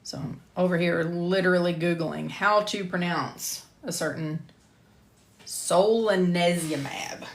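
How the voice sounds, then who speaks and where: A middle-aged woman with a light Southern US accent and a lowish voice reads lecture slides in a measured instructor's cadence. Between takes she drifts into casual, self-deprecating chat. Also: fairly even intonation. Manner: reads slides carefully, then chats with self-deprecating asides and laughter. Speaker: medical coding instructor. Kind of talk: recording a scripted lecture on a live stream.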